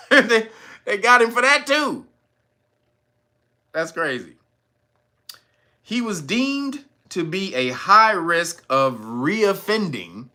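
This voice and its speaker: Animated, bright-voiced man ranting mockingly. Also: on the high side. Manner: mocking, incredulous, laughs often, swears; mimics officials in sarcastic voices. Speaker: commentator. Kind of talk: ranting news commentary.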